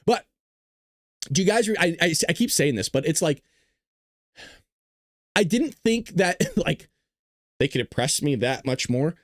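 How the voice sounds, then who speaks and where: A male commentator on a live stream whose pitch bounces around animatedly as he jokes and laughs. His tone is sarcastic and teasing, and the sound is dry and close with little room around it. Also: expressive, measured pace, long pauses, dry recording. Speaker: host of a political commentary livestream. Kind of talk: casual live political commentary.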